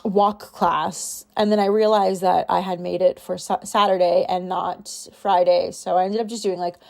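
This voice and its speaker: A woman's voice: lowish voice, flat delivery, moderate pace, creaky, darkish tone. A young woman chatting casually in a home voiceover about her planner and week, rambling and self-deprecating. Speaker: planner vlogger. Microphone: home voiceover mic.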